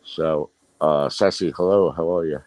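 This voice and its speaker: Male streamer, very deep voice, dry close sound, rambling and irritated casual chat. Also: steady tone, unhurried, a little mellow, dry recording. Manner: rambling, frustrated, many fillers. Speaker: livestream host. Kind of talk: casual live chat reading viewer comments.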